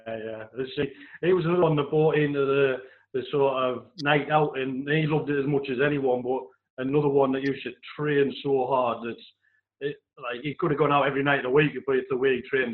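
A man telling animated anecdotes about former teammates in casual podcast chat. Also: mid-range voice, brisk. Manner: animated storyteller, mimics others in quotes. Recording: tinny phone-like remote line.

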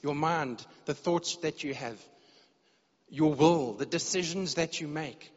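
A man's voice: a little high, slow. A man preaching a sermon in a church, earnest and direct, often repeating words as he searches for the phrase. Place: church hall. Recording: dull lo-fi sound with long hall reverb.

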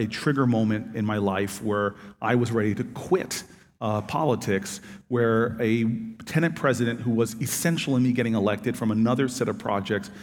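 A man telling a personal story to an audience, acting out the quoted dialogue with lively energy. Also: mid-range voice, big-room sound. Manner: animated anecdotal storytelling, acting out both sides of dialogue. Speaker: author and former city politician. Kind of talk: storytelling talk.

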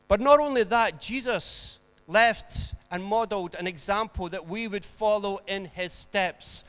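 A man preaching an earnest sermon, rising to emphatic peaks and then dropping soft. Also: high voice, unhurried, few pauses, in a large hall.

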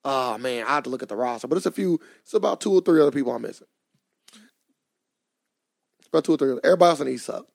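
A man's voice: medium pitch, lively intonation, rapid-fire, vocal fry, long pauses, darkish tone, no room sound, studio quality. A man co-hosting a podcast in casual chat, joking and loose, often trailing off and restarting. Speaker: podcast co-host.

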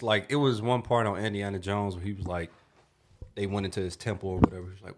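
A man co-hosting a podcast, talking casually in an animated, joking, self-deprecating way. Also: fairly low pitch, fast talker, a little hiss or hum. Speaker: podcast co-host. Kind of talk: casual chat.

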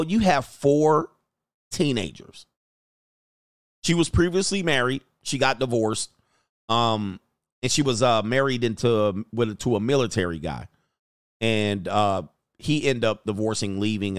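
A man's voice: mid-range voice, no room sound, clean studio sound. A middle-aged man, a dating coach, telling stories bluntly and with animation in casual commentary. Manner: blunt, animated storytelling with frequent laughs. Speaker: dating coach reacting to clips.

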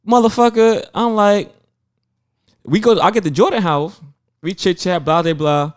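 A young man telling a travel story in casual podcast chat, profane and animated, acting out other people's voices. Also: sits high, normal speed, pauses often, clear, resonant tone. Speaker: podcast co-host.

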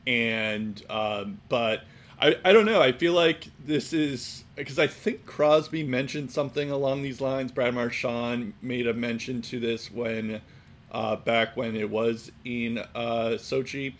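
A man co-hosting a casual sports chat, rambling and filling every pause with "like" and "um". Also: mid-range voice, steady tone. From Boston area. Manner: rambling, heavy on fillers like "like" and "um". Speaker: sports podcast co-host.

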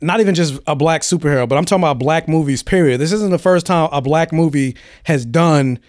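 A man's voice: on the high side, a little fast, darkish tone, no room sound, clean studio sound. A young man co-hosting a casual podcast, blunt and opinionated. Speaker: podcast co-host. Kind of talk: casual chat.

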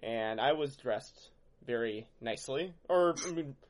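Male podcast host, mid-pitched voice, relaxed, swears easily. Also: a little slow. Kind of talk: casual chat.

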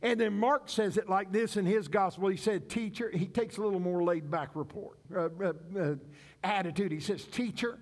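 A man preaching a sermon as pastor, with dramatic pauses and acted-out cries. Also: high voice, darkish tone.

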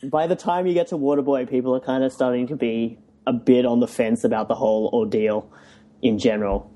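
A man co-hosting a casual podcast, measured and hesitant, thinking aloud with many fillers. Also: medium pitch, fairly even intonation, warm tone. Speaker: podcast co-host. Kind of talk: casual chat.

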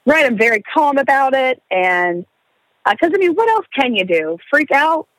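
Young woman, casual storyteller, expressive, swears, dry sound. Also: sits high, normal speed, no echo, poor audio. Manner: animated storyteller, swearing, laughing, acting out quotes. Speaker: guest telling a story. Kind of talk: casual podcast chat.

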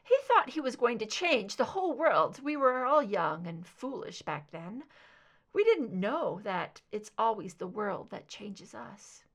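A woman doing a soft, wistful older mother. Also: on the high side, big pitch swings, a little slow, exaggerated voice. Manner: soft, wistful, tired yet warm.

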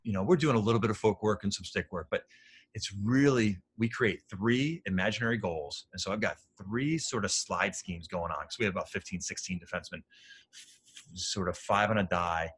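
A male lacrosse coach in casual conversation, telling animated, rambling stories full of fillers. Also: fairly low pitch, brisk, slightly rough.

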